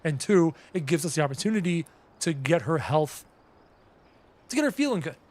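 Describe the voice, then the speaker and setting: A man streaming a game and chatting casually with viewers, a projecting, energetic talker with faint game music behind. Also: on the high side, normal speed. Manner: projects his voice, loud and energetic. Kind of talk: casual live-stream chat.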